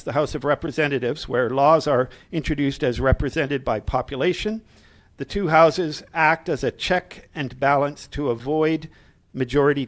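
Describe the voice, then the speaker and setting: A middle-aged man reads a prepared speech to a live audience in an earnest tone. He slips in quick asides and light humor for the room. His voice sits a little higher than most men's. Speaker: speaker at a political gathering.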